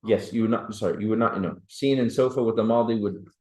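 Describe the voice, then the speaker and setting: A man's voice: on the low side, fast talker, dark tone, echoey room, poor audio. A man teaching a classroom grammar lesson, who keeps checking that his students follow. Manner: patient, checks understanding with "right?" and "clear?". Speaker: Arabic teacher.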